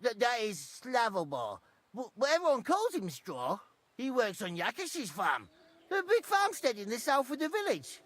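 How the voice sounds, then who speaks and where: A blunt, superstitious hog herder from a medieval village, in a video game. His rustic speech swings widely in pitch, coarse and plain. The sound is dry and close. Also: huge pitch swings, moderate pace, fairly bright tone, no room sound, full character voice. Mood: wary. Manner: rustic dialect, swears bluntly.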